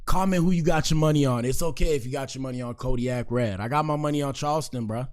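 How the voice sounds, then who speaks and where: A man's voice: medium pitch, fast, heavy background noise. A man in his twenties talking casually to his stream viewers in loose slangy banter as he reacts to clips. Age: 20s.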